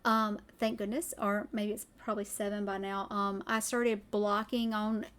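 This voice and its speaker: A woman from Tennessee with a Southern accent, chatting casually on a livestream, excitable and rambling off on tangents. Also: medium pitch, normal speed, clear, resonant tone. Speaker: streamer. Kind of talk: casual chat.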